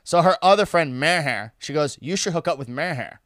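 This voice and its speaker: A man's voice: a little high, animated, brisk, fairly bright tone, no room sound, studio quality. A man telling a wild party story in casual chat, laughing and swearing freely.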